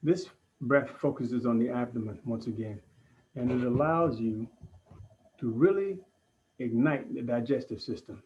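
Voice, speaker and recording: A man teaching breathing techniques in an online class, giving calm, deliberate instructions with pauses. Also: medium pitch, highs cut off. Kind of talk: guided breathing lesson.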